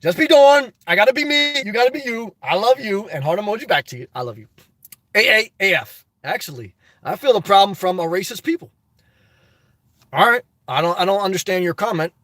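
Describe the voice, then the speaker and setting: A man's voice: high-pitched, expressive, a little fast, fairly bright tone, no echo. A man reading chat on a phone live stream, talking politics in an emphatic casual way. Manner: emphatic, repeats "okay?" and "good job".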